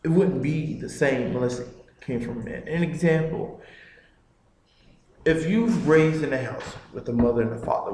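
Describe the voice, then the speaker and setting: A young man tells a story about his childhood in an unhurried, drawn-out way, padding his sentences with "you know". His mid-pitched voice bounces around a reverberant room, and a faint hum of ambience sits underneath. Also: a little mellow. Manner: rambling, full of "you know" fillers. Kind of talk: casual personal storytelling.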